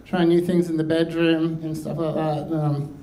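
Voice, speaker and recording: A man doing a hesitant, deadpan stand-up routine full of ums and pauses. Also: a little high, low-quality recording. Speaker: stand-up comedian.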